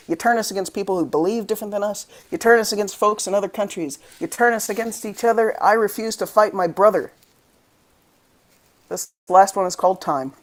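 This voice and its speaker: A spoken word poet from the United States, reading verse in a rhythmic, impassioned voice. The delivery keeps rising into angry emphasis at mid pitch. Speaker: guest poet.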